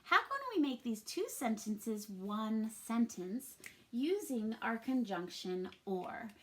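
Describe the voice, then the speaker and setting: A woman's voice: on the high side, expressive, slow pace, a bit bright. A woman teacher giving a patient, sing-song reading lesson to young children. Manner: patient, sing-song classroom delivery with little laughs.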